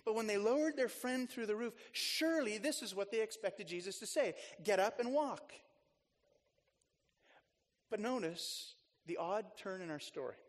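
High-voiced male pastor in echoing church. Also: fairly quick, few pauses. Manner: chatty and storytelling, with frequent restarts and asides. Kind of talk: conversational sermon.

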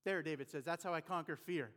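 Pastor guy preaching, kinda high voice, chatty and earnest, big echoey church. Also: a bit bright. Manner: earnest, conversational preaching with rhetorical questions. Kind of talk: sermon.

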